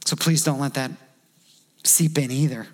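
A man's voice: mid-range voice, steady tone, moderate pace. A man preaching a sermon in a conversational way, acting out short quoted voices along the way. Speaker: pastor.

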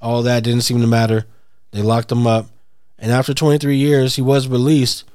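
A man in easy, casual conversation, his voice at an ordinary middle pitch and recorded dry. He tells stories in a laid-back way, swearing freely. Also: level tone, normal speed, darkish tone, clear, resonant tone, no room sound. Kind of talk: casual chat.

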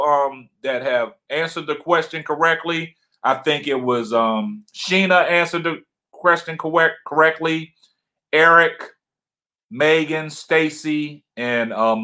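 Man co-hosting a home livestream; deep, loud, passionate delivery with a bright edge. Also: unhurried. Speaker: livestream co-host. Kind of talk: casual livestream chat.

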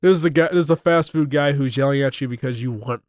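A young man as a podcast guest in casual movie chat, with dry, deadpan jokes. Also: medium pitch, fast talker, dry recording.

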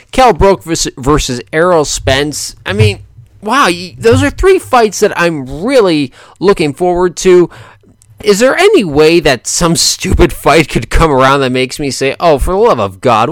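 Man, casual boxing commentary, rambling and self-correcting, a bit high voice, dry sound. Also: dry recording. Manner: rambling, self-correcting, laughs often, joking.

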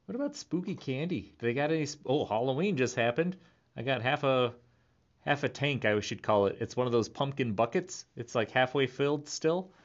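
A man's voice: mid-range voice, animated, a little fast, highs cut off. A man in his thirties rambling playfully in a casual monologue, laughing often. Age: 30s. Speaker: vlogger.

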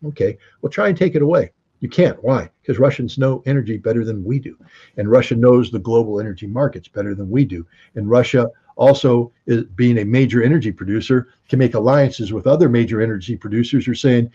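A man talks through political commentary in a husky, mellow voice, pressing his points with rhetorical questions and frequent restarts. The recording is dull and lo-fi. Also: medium pitch, a little fast. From United States.

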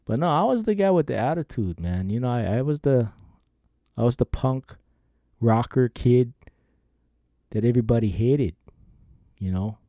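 Animated man telling rambling stories. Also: medium pitch, normal speed, long pauses, no echo. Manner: rambling, animated, acts out quoted lines; laughs often. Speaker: podcast host. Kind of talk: casual storytelling monologue.

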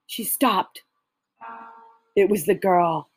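A woman reading a spooky story aloud in a slow, deliberate way, with small slips and restarts. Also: on the high side, slightly rough. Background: faint music.

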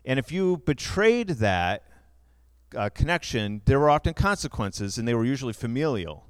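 A man's voice: medium pitch, very animated, normal speed, clean tone, dry recording. A younger man preaching a sermon, explaining figures in a conversational way with asides. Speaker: pastor.

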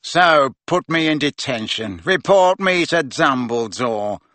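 Man doing a sulky sneering teen boy, defiant n resentful, bright kinda husky voice. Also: medium pitch, lively intonation, moderate pace, no room sound. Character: sullen, defiant teenage boy. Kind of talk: audiobook character voice.

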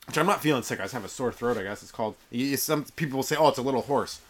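A young man with a hoarse, mid-range voice hosts a casual comedy podcast, riffing jokes very fast in a rambling monologue. He's jokey and animated, with lots of fillers and restarts. He's a podcast host and stand-up comedian, recording in a yurt on a rural property.

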